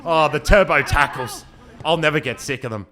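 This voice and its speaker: A young man giving playful, joking commentary over his own amateur football match, breaking into excited shouts. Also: fairly high pitch, normal speed. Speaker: football commentator and team player.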